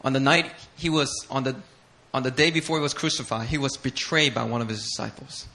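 Bright-voiced, fervent male preacher. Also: mid-range voice, steady tone, a little fast, creaky. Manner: passionate, emphatic, building intensity with repetition. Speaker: pastor. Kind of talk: sermon.

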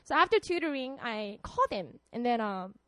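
Young woman telling her testimony, animated, laughs a lot, swoops up and down. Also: fairly high pitch, normal speed, no room sound. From South Korea. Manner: animated, laughs often, many fillers. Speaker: speaker giving a personal testimony. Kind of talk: personal testimony talk.

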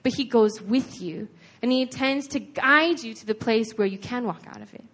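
A woman's voice: on the high side, moderate pace, fairly bright tone. A woman preaching a sermon in an earnest, conversational way, retelling a scripture story with lots of casual "like"s.

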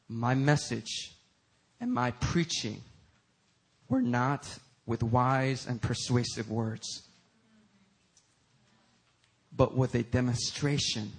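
Forceful, husky-voiced preacher man. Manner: forceful preaching, swinging from loud emphatic peaks to low intense passages. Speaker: pastor. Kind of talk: sermon.

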